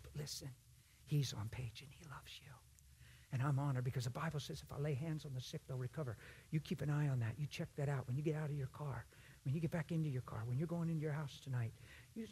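A man giving a sermon in a church, swinging from hushed whispers to loud shouted emphasis and acting out conversations in other voices. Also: medium pitch, slightly rough. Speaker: guest preacher.

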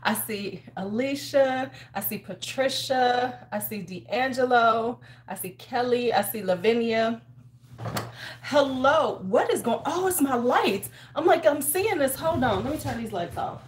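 An American woman is livestreaming a casual beauty session from her home in winter, chatting away, greeting viewers by name and talking to herself as she works. Her voice is fairly high and a little slow, with hardly any pauses and a faint hiss or hum on the recording.

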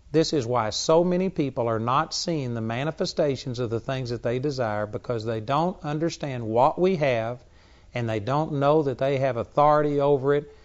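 A man's voice: mid-range voice, moderate pace, highs cut off. A man teaching a sermon as a Bible teacher, blunt and emphatic in his delivery.

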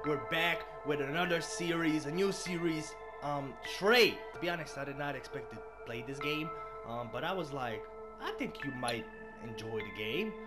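A man hosting a let's play, excitable and slangy, swearing freely and calling everyone bro and man. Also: a little high, moderate pace. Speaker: gaming channel host. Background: game music.

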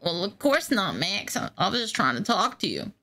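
A woman scambaiter playing dumb on a prank call, rambling goofily and shouting silly sound effects. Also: medium pitch, sing-song, moderate pace.

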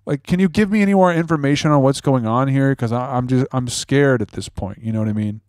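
A man's voice: medium pitch, quick pace, a little mellow, no echo, studio quality, close to an everyday voice. A man playing a panicky adult son who stammers and repeats himself during a scam-bait call. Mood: flustered.

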